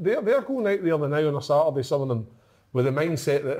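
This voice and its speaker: A husky Scottish man with a slightly higher-than-usual voice talks football in a casual chat. He stumbles and repeats words as he works out what he wants to say. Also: sing-song, fast, darkish tone. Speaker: podcast pundit.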